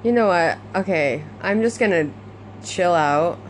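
A woman's voice: lowish voice, lively intonation, unhurried. Swearing, venting woman vlogger at home. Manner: swears a lot, talks to herself, swings between frustrated and laughing. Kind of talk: venting casual monologue. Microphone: phone recording that sounds muffled. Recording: muffled phone audio, faint background noise.

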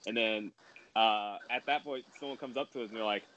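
Again the wrestler rambles through a story, fast and casual, dropping "like" constantly. His lowish voice sounds pushed and bright, though the highs are cut off and some background noise creeps in.

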